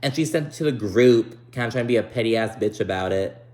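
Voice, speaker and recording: A man's voice: mid-range voice, a little fast, a little mellow, echoey room. A man casually recapping a reality TV show, opinionated and profane, with lots of "like" and "um". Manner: chatty, profane, opinionated, full of likes and ums.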